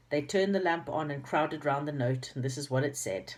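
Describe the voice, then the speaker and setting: Low-voiced woman reading a storybook aloud. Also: normal speed, hardly any pauses. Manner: chatty asides and small slips while reading. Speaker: reader. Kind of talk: reading a children's book aloud.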